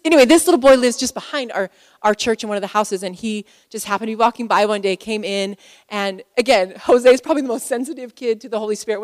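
A woman in her forties giving an emotional, chatty sermon to a conference crowd. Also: on the high side. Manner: conversational, emotional, many fillers. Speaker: pastor's wife speaking at a conference. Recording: hall reverb.

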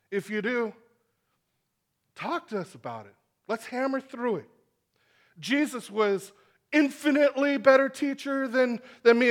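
A man preaching a sermon to a congregation, animated and acting out the voices in his stories. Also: high-pitched. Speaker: pastor. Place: church hall with congregation.

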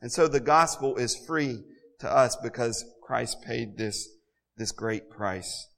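A man's voice: mid-range voice, slow pace, vocal fry, fairly bright tone, in a large hall. A man preaching an earnest, conversational sermon to a congregation in a church, building to emphatic peaks. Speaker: pastor.

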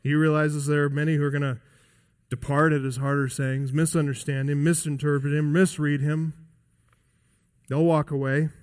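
A male pastor preaching a sermon emphatically, swinging between loud high emphasis and quiet low drops. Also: little pitch movement, moderate pace, long reverb tail. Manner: emphatic preaching with wide swings in pitch and loudness. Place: church sanctuary.

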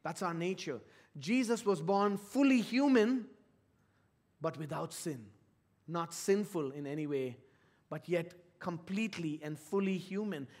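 A man with a high-pitched voice delivers a sermon. He preaches with earnest feeling, building to loud, stressed phrases and then sinking to soft, low ones. His tone speaks directly to the congregation as a pastor. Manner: earnest preaching, swings from loud emphasis to hushed low tones.

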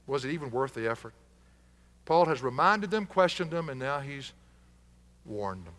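Bright-voiced preacher in a reverberant hall. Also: male voice, mid-range voice, normal speed. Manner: impassioned, animated preaching with a puppet. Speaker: pastor. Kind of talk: sermon.

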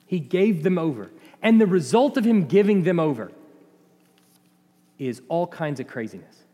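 A man preaching a sermon in a conversational, animated way, often acting out the voices of the people in the story. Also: fairly high pitch, normal speed, in a large hall. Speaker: pastor.

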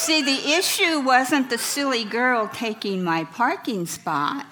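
A woman's voice: fairly high pitch, lively intonation, takes it slowly, hardly any pauses, sharp tone, slight background noise. A middle-aged woman, a counselor, telling personal stories to an audience with wry humor. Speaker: counselor and speaker. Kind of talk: storytelling talk.

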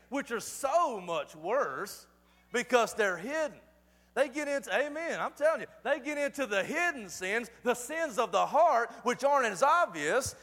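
Male pastor, high voice, passionate sermon delivery with hushed drops and repetition, long church-hall reverb. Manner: passionate preaching with sudden soft drops and repeated phrases.

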